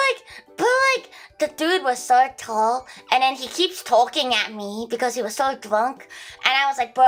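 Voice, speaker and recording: A woman's voice: a little high, fairly bright tone. A young woman with an Australian accent telling a rambling story casually on a livestream, full of restarts and fillers.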